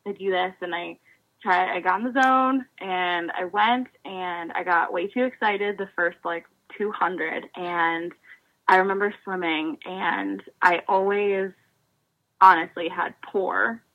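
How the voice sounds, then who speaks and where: A woman in her twenties, a former college swimmer, telling animated stories in a casual interview and acting out remembered dialogue. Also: on the low side, slow pace, dull audio.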